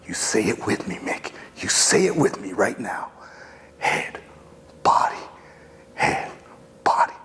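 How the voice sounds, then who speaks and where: A man playing an older brother and boxing trainer, giving an urgent pep talk that swings between loud pushes and hoarse whispers. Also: a little high, sing-song, slow pace, long pauses, pitched above the performer's own voice, full character voice. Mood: intense. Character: boxing trainer big brother, washed-up and fiercely pushing.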